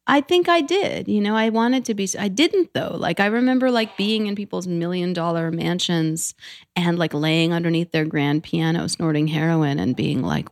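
Low gravelly woman, candid storyteller. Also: moderate pace, no echo. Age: 30s. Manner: candid, profane, animated storytelling. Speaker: podcast guest. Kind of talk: casual podcast conversation.

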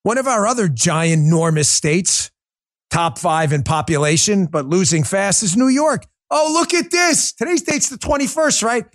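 A man's voice: high voice, very animated, normal speed. A man hosting a livestreamed political commentary show, talking in a combative, sarcastic rant. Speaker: political talk show host.

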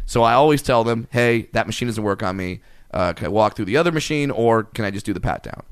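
A man casually telling a profane, animated story in a podcast chat, getting louder and higher as it builds. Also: smooth, no echo, clean studio sound.

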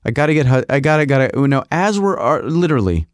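A middle-aged podcast host tells a rambling comic story, putting on voices along the way. His medium-pitched voice moves fast and sounds animated, captured in a dry, clean studio recording.

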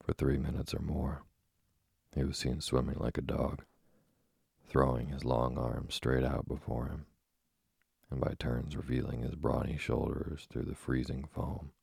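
Reading a classic seafaring novel for an audiobook, a man uses a voice that is very deep, husky and gravelly, low and flat throughout. He narrates in a measured, dramatic way, miked close and dry without echo.

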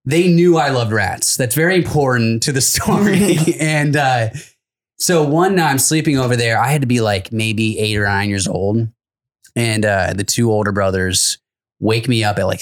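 A man telling a long, wild childhood story on a casual comedy podcast. He laughs in the middle of his sentences and jumps into the voices of the people he describes. His voice sits at a middle pitch. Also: normal speed. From Los Angeles. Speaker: comedian guest.

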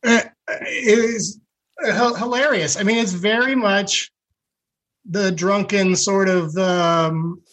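A man sits in as a guest on a comedy podcast. He talks in a halting, amused way, pausing as he gathers his thoughts. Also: high voice, fairly bright tone, poor audio. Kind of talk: casual comedic chat.

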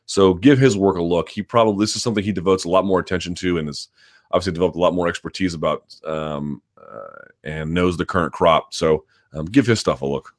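A man with a notably low voice hosts a live chat, reading out viewer questions and talking through his answers. He hedges often, fills pauses with ums and restarts his sentences, and keeps a casual, conversational pace. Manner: talks quickly and hedges, lots of ums and restarts; reads viewer questions aloud, then answers at length. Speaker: host.

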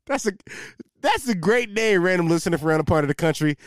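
Rambling tipsy young man with a lively voice. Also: sits high, a little fast, dry recording, studio quality. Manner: profane, rambling, self-mocking storytelling. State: tipsy from drinking. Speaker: podcast host. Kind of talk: casual solo podcast monologue. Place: home setup with a ring light, facing camera.

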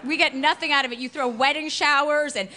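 A woman's voice: high-pitched, fairly even intonation, fairly quick, sharp tone. A woman doing a stand-up set on a club stage, blunt and mocking, into a stage microphone. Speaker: stand-up comedian. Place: comedy club stage with live audience. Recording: live club recording with faint crowd and noise.

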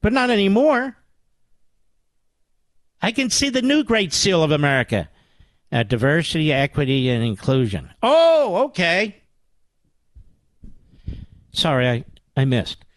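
Older male radio host from Philadelphia, emphatic sarcastic delivery, pitch rises and falls widely. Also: huge pitch swings, a little slow, long pauses, no echo. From Philadelphia area, US. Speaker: radio talk show host. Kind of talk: political talk radio monologue.

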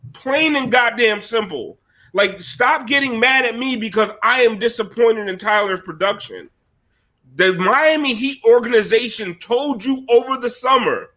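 A man's voice: extremely high pitch, bright, forceful tone. A man hosting a post-game show, ranting in a heated, profane, exasperated way. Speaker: host.

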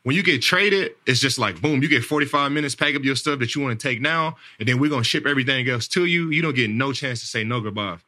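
A fast-talking man with a mid-range voice barely pauses, his tone bright and forceful. In his thirties, this NFL player and podcast host spins a rambling, casual story filled with repeated words and frequent "man" and "like."

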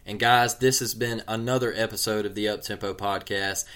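A man's voice: on the low side, steady tone, normal speed, a bit bright. A man hosting a casual sports podcast, laid-back and drawling, saying "man" often. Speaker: podcast host.

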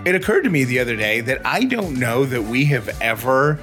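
Podcast guy reading out listener texts, bright voice, keeps correcting himself. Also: mid-range voice, lively intonation, a little fast, faint music behind. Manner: rambling, self-correcting. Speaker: podcast co-host.

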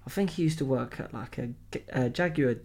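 A young man, a podcast co-host telling animated, sweary anecdotes and acting out the people in them. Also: mid-range voice, brisk, gravelly. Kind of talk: casual storytelling chat.

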